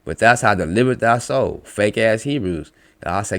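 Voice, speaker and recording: A man delivers a combative, profanity-laced rant, reading out comments and lecturing his listeners. His pitch rises and falls in lively swings. He is blunt and relentless. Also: moderate pace. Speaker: religious commentator. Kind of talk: angry reaction rant.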